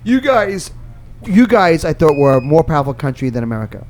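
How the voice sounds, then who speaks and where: A man with a New Jersey accent hosting a talk show, teasing his guests in playful, loud banter. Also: fairly high pitch, sing-song, brisk, a little hiss or hum. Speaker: radio talk show host. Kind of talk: joking interview banter.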